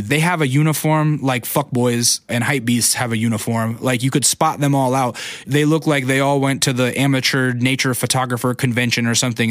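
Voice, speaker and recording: Young male podcast host, casual profane storyteller, mid pitch, dry close sound. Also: no room sound. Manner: profane, animated ranting with lots of fillers.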